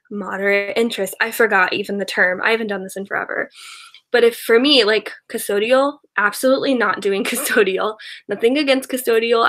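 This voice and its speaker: A woman's voice: mid-range voice, a bit bright. A young woman chatting casually with viewers on a live stream, rambling with lots of fillers and restarts and laughing often. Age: young adult. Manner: rambling, filler-heavy, giggly. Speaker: YouTuber answering live chat.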